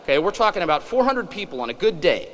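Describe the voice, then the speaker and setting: A man's voice: high-pitched, very animated, quick pace, a bit bright, a little hiss or hum. A middle-aged man from western Kansas giving a humorous speech at a conference, with emphatic, joking asides. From western Kansas, USA. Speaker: conference speaker. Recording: echoey hall.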